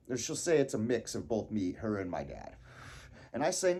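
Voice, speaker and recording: A man telling a casual personal story, animated and laughing, acting out his own panicked thoughts. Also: on the low side, normal speed, breathy edge.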